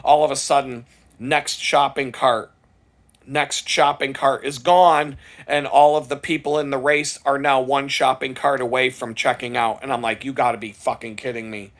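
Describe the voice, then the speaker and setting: A man spins a casual, profanity-laced story for his vlog in a voice of middling pitch. He rambles and restarts, then gets louder and climbs higher as the funny moments build. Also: steady tone, moderate pace. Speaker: vlogger.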